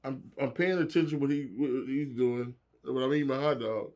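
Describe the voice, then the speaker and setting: A man's voice: mid-range voice, normal speed, a little mellow, dull audio. A middle-aged man telling wild stories as a guest in a casual interview, laughing and acting out the voices of people he quotes.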